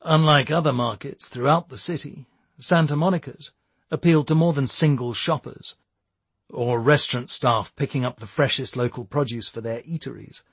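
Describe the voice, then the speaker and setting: A man giving steady, measured scripted narration of a novel. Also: mid-range voice, husky, dry recording. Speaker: audiobook narrator.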